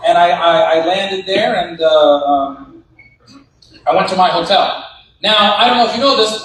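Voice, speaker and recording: A man doing stand-up comedy in a large banquet hall, telling stories in an animated, punchy way with repeated asides. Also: high voice, a little hiss or hum. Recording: echoey banquet hall, distant mic.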